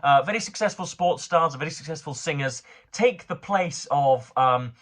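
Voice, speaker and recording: Halting, bright-voiced man. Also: a little high, expressive. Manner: halting, frequent fillers and restarts, dry sardonic asides. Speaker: vlogger reviewing the newspaper. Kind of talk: reading aloud and commenting on news.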